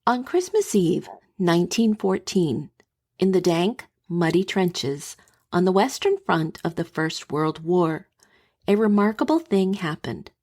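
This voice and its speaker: Gravelly-voiced woman narrating history. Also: fairly low pitch, expressive, a little mellow. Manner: measured, dramatic storytelling. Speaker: podcast host.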